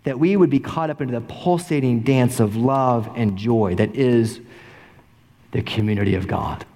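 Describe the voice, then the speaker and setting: A middle-aged male pastor preaching an animated sermon, full of repeated rhetorical questions. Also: mid-range voice, normal speed. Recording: long reverb in a large sanctuary.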